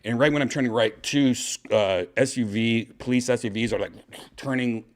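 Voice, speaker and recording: A man hosting a podcast, casually telling a story with excitement and swearing, acting out his own shouts. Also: mid-range voice, moderate pace. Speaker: podcast host.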